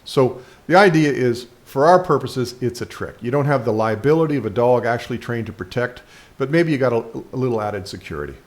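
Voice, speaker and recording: A man's voice: mid-range voice, brisk. A man hosting a dog training video, explaining a trick in a rambling voice-over with frequent fillers and restarts.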